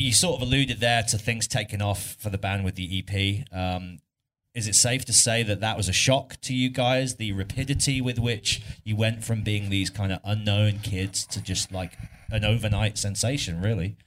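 A man's voice: fairly low pitch, moderate pace, a bit bright, a little hiss or hum. A man hosting a live podcast interview on stage, asking questions in a friendly, conversational way. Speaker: podcast host. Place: arts club on stage before an audience.

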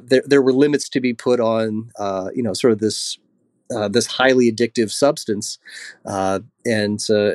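A man talking through a historical question in an interview, thinking aloud with frequent ums and restarts. His voice is recorded close and dry, with no room sound. His pitch sits in an ordinary middle range. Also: dry recording. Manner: thoughtful, many fillers and restarts. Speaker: guest historian. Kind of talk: conversational interview answer.

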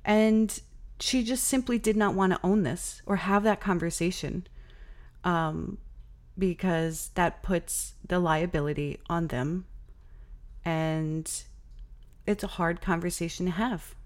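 A woman's voice: lowish voice, steady tone, slow. A young woman hosting a podcast, candidly telling a personal story in a casual, exasperated way, with many fillers. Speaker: podcast host.

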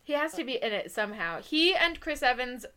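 A young woman co-hosting a podcast in casual chat, excitable and rambling, laughing often. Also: high-pitched, a little fast, clear, resonant tone. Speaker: podcast co-host.

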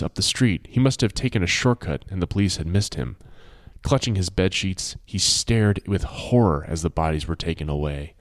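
A man narrating an audiobook in a measured, expressive storytelling manner. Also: low voice, dry recording, studio quality.

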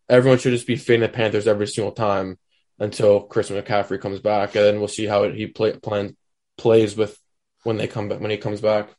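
A man with a low, flat voice gives his betting take in a halting, rambling way. His tone barely rises or falls. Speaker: podcast co-host. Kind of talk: casual sports betting talk.

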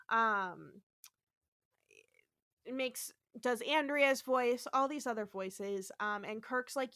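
Bright, high-voiced woman recapping animatedly. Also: measured pace, no room sound, clean studio sound. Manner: animated, playfully profane storytelling. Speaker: podcast co-host. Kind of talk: casual episode recap chat.

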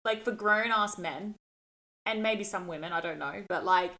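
A young woman with an Australian accent co-hosts a casual podcast. She tells stories in an animated way, often laughing, at a middle pitch for a woman. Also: normal speed, poor audio. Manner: animated storyteller, laughing, mimicking others. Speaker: podcast co-host. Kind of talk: casual chat.

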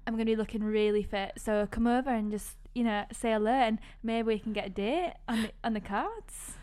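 A woman's voice: a little high, brisk, a little mellow, clean tone. A woman with a northern English accent, a podcast co-host leaving a rambling, giggly prank voicemail. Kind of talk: casual chat.

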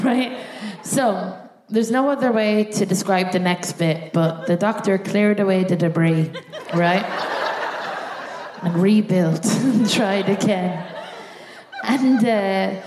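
A woman doing a live stand-up set, telling an animated story and laughing through her punchlines. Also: mid-range voice, a little slow, background noise. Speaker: stand-up comedian. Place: large theatre stage. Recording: echoey theatre, audience laughter.

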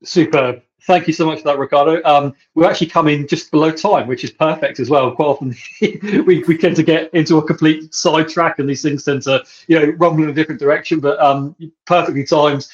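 A man hosts a podcast and talks fast, one thought running into the next. He leans on "you know" again and again. The sound is dull and muffled, like a lo-fi recording. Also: on the high side, steady tone. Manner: rambling, lots of "you know". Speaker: podcast host. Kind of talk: podcast interview.

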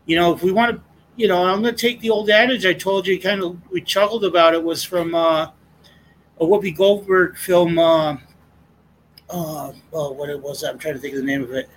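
A man's voice: high-pitched, fairly even intonation, moderate pace, slight background noise, poor audio. A middle-aged man, a guest sharing his testimony in an earnest, impassioned, rambling way. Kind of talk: casual conversation.

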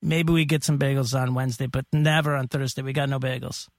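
A man doing a gruff baker with a fake accent. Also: mid-range voice, fairly even intonation, no echo, close to an everyday voice. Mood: exasperated. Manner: halting, broken English. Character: gruff old male baker with a vague accent.

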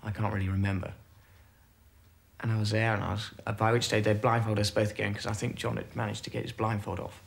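A man gives halting, hesitant testimony, stopping often to restart his sentences. His voice sits low and has a gravelly, husky texture. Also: flat delivery. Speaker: interviewee recalling captivity.

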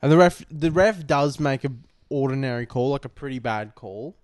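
Aussie guy rambling thru a sweary footy story, smooth clear voice, dry sound. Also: medium pitch, expressive, moderate pace, no echo. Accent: Australian. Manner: rambling, swears often, acts out quotes. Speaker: podcast co-host. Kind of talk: casual storytelling. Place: lounge room.

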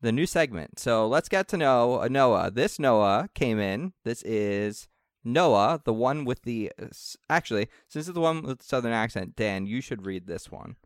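A man's voice: medium pitch, lively intonation, moderate pace, no echo, clean studio sound. A man hosting a comedy podcast in casual chat, hesitant and full of fillers. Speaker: podcast host.

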